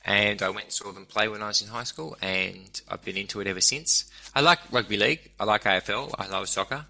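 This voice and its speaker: An Australian man chats as an interview guest, his lowish voice cutting through with a tense, sharp brightness. He talks animatedly and drifts into sweary rants. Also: brisk, gravelly, rough recording. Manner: animated, ranting, swears freely. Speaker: guest, comedian and broadcaster. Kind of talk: casual interview chat.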